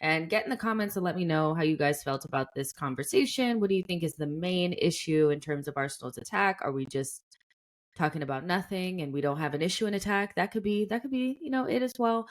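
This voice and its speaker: A woman's voice: fairly low pitch, lively intonation, quick pace. A woman hosting a casual football podcast, chatty and laughing often. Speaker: podcast host.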